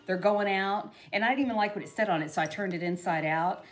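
A middle-aged craft vlogger talks at a quick pace in a medium-pitched voice, chatting casually through a DIY tutorial. She rambles, laughs frequently, and keeps saying "you know."

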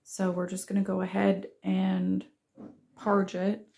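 Woman vlogger, head cold, unhurried and a touch gravelly, chatty. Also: medium pitch, completely flat delivery, a little mellow. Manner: chatty, laughs easily. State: stuffy with a cold. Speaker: vlogger renovating a house. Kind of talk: casual vlog chat.

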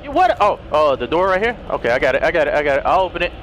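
A man giving frantic gaming commentary, swearing and yelling in panic, repeating himself as he plays. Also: fairly high pitch, big pitch swings, racing, a little hiss or hum. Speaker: video game let's player. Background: game music.

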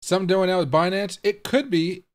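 A man's voice: high voice, a little fast. A young man hosting a live stream, thinking aloud in bafflement, swearing and talking straight to his viewers as he clicks around. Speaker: crypto livestream host. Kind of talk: live-streamed casual commentary.

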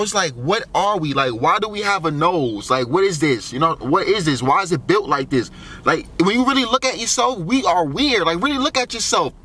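Young man, high voice, casual rambling musings, profane, filler-heavy. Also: pushed and bright. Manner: musing, full of fillers and profanity, wondering aloud. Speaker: vlogger.

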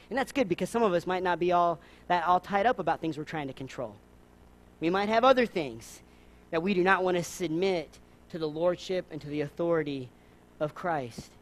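High-voiced man preaching an animated sermon. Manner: animated preaching with rhetorical questions, repeated phrases and acted-out quotes. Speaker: pastor. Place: church service.

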